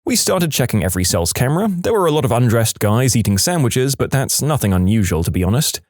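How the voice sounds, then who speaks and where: A man's voice: mid-range voice, very animated, fast, a little mellow, no room sound. A man narrating a series of short workplace stories in a scripted voice-over, adding his own dry asides between them.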